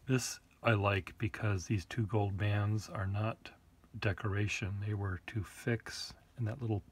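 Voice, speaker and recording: A man's voice: lowish voice, fairly even intonation, a little slow, a little hiss or hum. A man casually showing his collection of old pens, rambling with joking asides. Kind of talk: casual show-and-tell.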